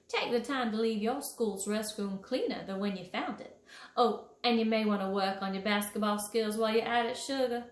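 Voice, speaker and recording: A sugary, prim fairy lady scolding about manners in a honeyed Southern drawl, as a woman reads her aloud from a storybook. She sweetens every correction with pet names, in a fairly high voice. The sound is echoey, as if in a bare room. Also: close to an everyday voice. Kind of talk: storybook reading.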